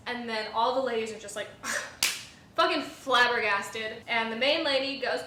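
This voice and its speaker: A young woman and restaurant server telling a rambling, animated story in a casual vlog, swearing freely and using many fillers. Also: on the high side, measured pace. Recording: echoey room with faint hiss.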